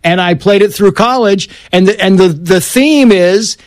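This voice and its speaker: A middle-aged male journalist on a talk show, telling stories and acting out the voices of the people in them. His voice sits a little high. The recording is close and dry. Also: normal speed, no echo. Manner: animated anecdotes with acted-out quotes. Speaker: guest author and journalist. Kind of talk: casual interview storytelling.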